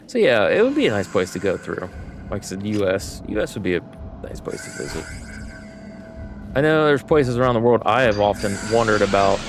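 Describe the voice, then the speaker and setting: A man's voice: lowish voice, slight background noise. A man from the United States, a gaming streamer, chatting casually and rambling with lots of fillers while he plays. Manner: rambling, filler-heavy, easygoing.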